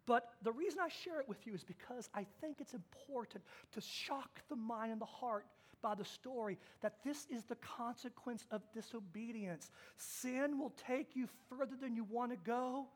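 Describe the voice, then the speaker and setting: Male pastor, very high voice, animated storytelling sermon. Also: moderate pace, hardly any pauses, husky. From Kansas. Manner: storytelling with acted-out quotes, swings from hushed to loud.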